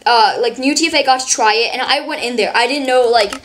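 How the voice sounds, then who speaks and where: A woman giving casual, rambling gameplay commentary full of "like", her voice a bit worn from yelling. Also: fairly high pitch, fast, a little hiss or hum. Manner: rambling, fillers of "like", excitable. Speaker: gaming channel host.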